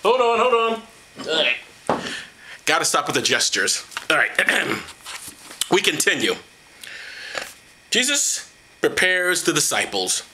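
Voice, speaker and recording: A man's voice: a little high, big pitch swings, takes it slowly, pauses often, sharp tone, slight background noise. A man reading the Bible aloud as comedy, with profane, mocking commentary and put-on voices for the quoted lines, gesturing as he goes. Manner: gesturing while reading, knocks things over.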